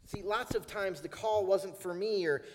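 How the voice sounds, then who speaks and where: A man with a high voice delivers a sermon in an easy, conversational manner. He slows down on the phrases he wants to land. The sound has a long reverb, as from a church hall. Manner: conversational preaching, slowing down to stress key phrases. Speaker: pastor. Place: church sanctuary.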